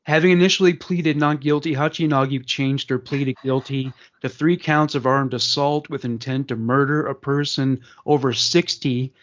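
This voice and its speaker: A man's voice: medium pitch, steady tone, normal speed, hardly any pauses, highs cut off. A man co-hosting a podcast, reading a crime news story aloud with frequent fillers and casual asides. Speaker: podcast co-host.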